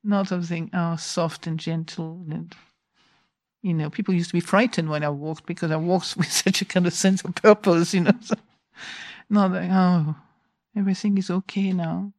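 A woman teacher giving an informal dharma talk, telling a lively story, laughing often and mimicking her own inner voice. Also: fairly low pitch, normal speed. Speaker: meditation teacher.

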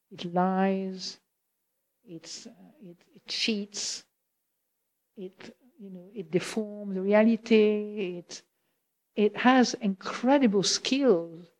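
A woman's voice: mid-range voice, darkish tone. A woman speaks English with a French accent, giving an informal Buddhist question-and-answer talk. She is chatty and laughs easily. She keeps turning to her listeners to check that they follow her. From France.

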